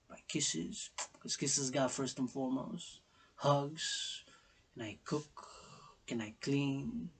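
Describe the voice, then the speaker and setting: Brief: husky-voiced man, rambling spiritual vlogger, repeats phrases like chants, drops to whispers, bursts loud. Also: medium pitch. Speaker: self-styled priestess and vlogger.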